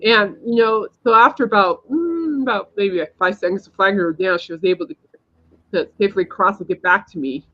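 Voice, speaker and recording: A woman's voice: mid-range voice, fairly quick. Rambling woman podcaster, dull lo-fi sound. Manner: rambling, emphatic storytelling. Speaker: podcast host. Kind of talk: casual chat.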